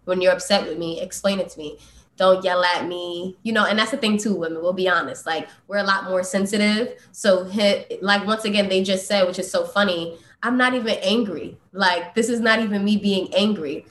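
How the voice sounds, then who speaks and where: A woman's voice: mid-range voice, steady tone, moderate pace, fairly bright tone, reverberant, slight background noise. A woman co-hosting a casual faith discussion, speaking earnestly and reflectively with frequent ums. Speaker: podcast co-host.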